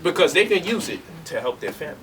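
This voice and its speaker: A man telling stories to a live audience in an animated, joking way, laughing often. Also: on the high side, quick pace. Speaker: speaker. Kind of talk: storytelling lecture. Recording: distant mic with faint noise.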